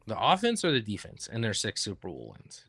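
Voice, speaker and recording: A man's voice: lowish voice, huge pitch swings, a little fast, a bit bright, husky, no echo, faint music behind. A man co-hosting a sports talk show, making his case with stats and repeating key points for emphasis. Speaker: sports podcast co-host. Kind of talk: casual sports debate.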